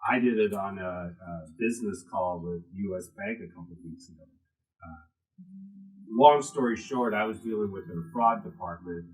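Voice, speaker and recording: A man's voice: on the low side, rough recording. A man teaching a class to a live audience, talking with strongly varied emphasis and casual asides.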